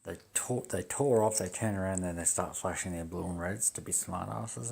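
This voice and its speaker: A man's voice: deep voice, normal speed, gravelly, hardly any pauses, darkish tone, slightly rough. A man telling a story to his viewers in a blunt, profane, indignant way.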